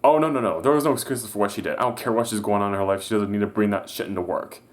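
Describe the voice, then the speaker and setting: A man voicing an irate woman customer who demands the manager, loud and indignant. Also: on the low side, rapid-fire, lightly acted.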